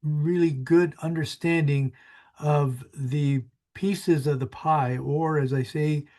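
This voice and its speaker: A man's voice: a little high, steady tone, takes it slowly, mellow. A man in his sixties, a small business advisor, giving a friendly, rambling webinar presentation with many fillers.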